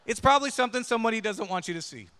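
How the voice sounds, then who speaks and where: A man's voice: high-pitched, expressive, rapid-fire, pushed and bright, long reverb tail. A man preaching a sermon through a personal story, talking conversationally and checking in with listeners with "right?" and "yeah?". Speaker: pastor.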